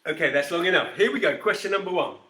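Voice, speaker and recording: A man's voice: sits high, animated, quick pace, sharp tone, reverberant. A man hosting a live whisky show, chatting casually with viewers by name and rambling as he demonstrates a cocktail. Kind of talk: casual live-stream chat and cocktail demo.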